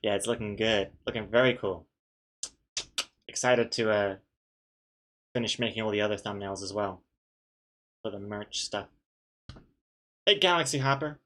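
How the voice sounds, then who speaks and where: Drawing a comic on stream, a young man with a lowish, slightly bright voice talks at normal speed with long pauses. He rambles, pokes fun at himself, greets viewers and reads their messages aloud.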